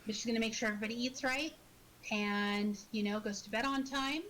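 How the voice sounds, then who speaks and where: A woman's voice: fairly high pitch, a little fast, a bit bright, rough recording. A woman chatting casually about her tabletop game character, restarting her sentences and laughing often. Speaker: podcast co-host.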